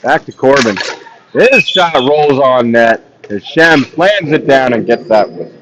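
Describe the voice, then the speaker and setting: A man's voice: medium pitch, expressive, unhurried, a bit bright, slight background noise, poor audio. A man doing live play-by-play for a ball hockey game, chatty and self-mocking, laughing often from his perch beside the rink. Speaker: play-by-play commentator. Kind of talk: live sports commentary.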